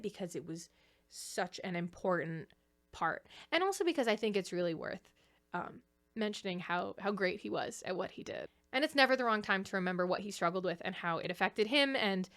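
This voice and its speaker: A young woman hosting a casual commentary video essay, chatty and animated, laughing often. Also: mid-range voice.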